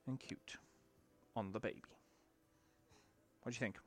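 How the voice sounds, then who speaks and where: A man's voice: fairly low pitch, fairly even intonation, takes it slowly, long pauses, a little mellow. A young man giving casual gameplay commentary, chatty and rambling, often breaking off into baby talk. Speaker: gaming video creator.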